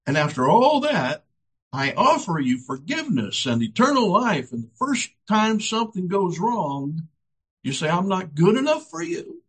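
A preacher voicing a stern, indignant Lord. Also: male voice, high voice, sing-song, a little slow, fairly bright tone, husky, pitched above the performer's own voice, full character voice. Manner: pleading, indignant rebuke. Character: stern wounded male Lord rebuking followers.

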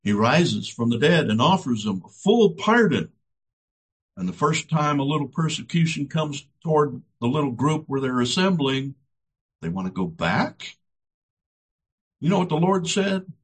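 A man's voice: a little high, very animated, unhurried, breathy edge. A man preaching a sermon with dramatic, emphatic delivery and repeated phrases.

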